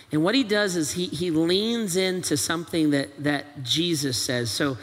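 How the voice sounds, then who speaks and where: A male pastor delivering a sermon with a high, forceful, bright voice. He hammers home his point with one rhetorical question after another. His words ring out with the long reverb of a large church hall. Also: moderate pace, hardly any pauses. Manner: presses with repeated rhetorical questions.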